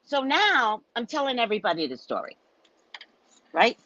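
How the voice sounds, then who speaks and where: A woman's voice: a little high, huge pitch swings, moderate pace, bright, forceful tone, no echo. A woman host and psychic reader telling a story in a casual, indignant, profane rant. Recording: dull lo-fi dry sound.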